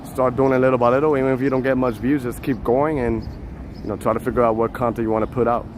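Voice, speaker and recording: A man live-streaming as he walks a city street outdoors, chatting to viewers in a relaxed way and laughing often, on a handheld phone. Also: mid-range voice, fast talker, a little hiss or hum. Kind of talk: walking live-stream chat.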